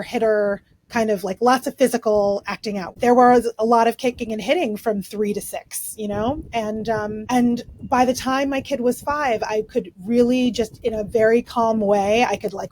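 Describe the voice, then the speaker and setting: A woman's voice: fairly high pitch, darkish tone, a little hiss or hum, poor audio. A woman who is a clinical psychologist, explaining in a casual, chatty way with frequent fillers and "right?" tags.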